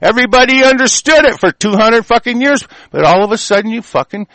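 A man's voice: very high voice, expressive, fast talker, no echo, low-quality recording. Heated profane man ranting. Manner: heated, profane, shouting tirade. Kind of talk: angry political rant.

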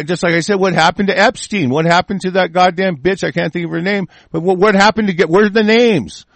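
Gravelly man ranting, heavy swearing. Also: high voice, no echo. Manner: profane, heated, repeating himself. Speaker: host of an online political broadcast. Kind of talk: angry political rant.

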